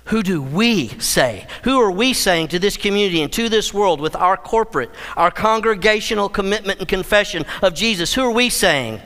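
A male pastor preaching a sermon, emphatic, with dramatic slowdowns and playful acted-out quotes. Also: high-pitched, animated, a bit bright, big-room sound. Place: church sanctuary.

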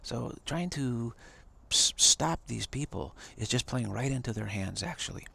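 Gravelly-voiced man giving an emphatic talk. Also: medium pitch, expressive, measured pace, pushed and bright. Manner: emphatic, repeats phrases, chuckles often. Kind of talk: live-streamed spiritual talk.

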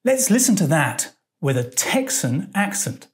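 A woman's voice: lowish voice, sing-song, a little slow. A woman presenting an English lesson in a playful way, with hesitant fillers and puzzled asides. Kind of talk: scripted educational presentation.

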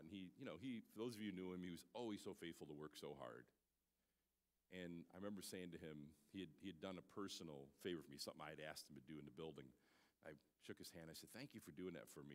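A male pastor preaching a sermon in a church, swinging from shouted exclamations to soft, near-tearful asides. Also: low voice, fast. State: holding back tears. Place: church sanctuary. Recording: long hall reverb.

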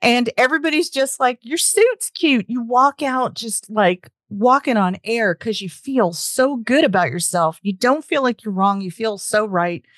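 A woman's voice: a little high, normal speed, hardly any pauses, a bit bright, no echo, studio quality. A woman with a Southern US accent, a storytelling guest talking enthusiastically in a casual podcast chat over a call. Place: home, remote call.

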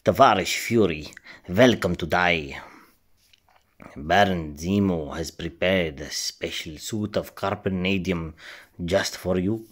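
A man putting on a mock foreign accent to voice a gloating super-soldier villain in a game, slow and heavy. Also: low-pitched.

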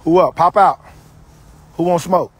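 A man coaching football drills outdoors, barking commands and teasing his players with loud, energetic trash talk. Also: a little high, a little slow, slightly rough.

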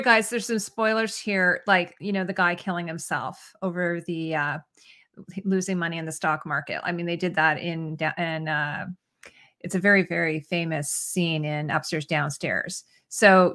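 A woman's voice: lowish voice, pushed and bright. A woman hosting a casual livestream chat, talking loosely with lots of fillers and reading viewer comments aloud. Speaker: host.

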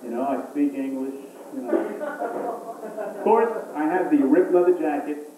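Stand-up comic, male, hammy emcee delivery, high voice, very echoey room. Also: animated, normal speed. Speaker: stand-up comedian. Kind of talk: stand-up comedy set. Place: small comedy club. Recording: far-off, echoey club recording with hiss.

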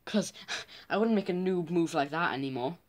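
A man's voice: on the high side, expressive, moderate pace. A teenage boy vlogging, reacting to his own old videos in casual, self-mocking commentary.

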